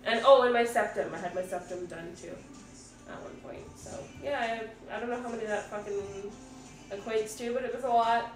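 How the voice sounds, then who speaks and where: A woman's voice: a little high, moderate pace. A woman in her thirties from Ontario, hosting a casual livestream chat, swearing freely and reading out viewer comments. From Ontario, Canada. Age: 30s. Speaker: livestream host. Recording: roomy room, distant mic, music behind.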